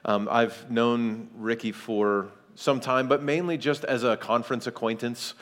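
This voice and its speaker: A man's voice: medium pitch, steady tone, a little slow, a bit bright. A man in his forties from Kentucky, a guest preacher giving a sermon with friendly, joking asides to the congregation. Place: large church hall. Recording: long church hall reverb.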